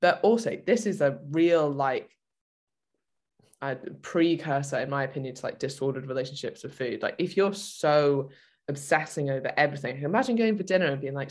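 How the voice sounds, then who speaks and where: A woman's voice: rumbling low, fairly quick. Chatty woman fitness coach podcaster. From United Kingdom. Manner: chatty, frequent "like" fillers. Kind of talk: casual podcast chat.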